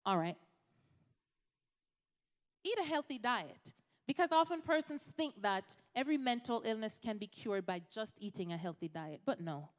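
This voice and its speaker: A woman's voice: fairly high pitch, animated, moderate pace, long pauses, long reverb tail. A woman from Jamaica, a physician giving a conversational health talk to a church congregation, addressing the audience directly. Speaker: physician speaker.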